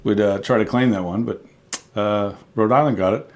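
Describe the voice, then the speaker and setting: A man co-hosting a travel chat, relaxed, explaining things at length with plenty of fillers. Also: on the low side, moderate pace. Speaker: co-host. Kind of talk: casual chat.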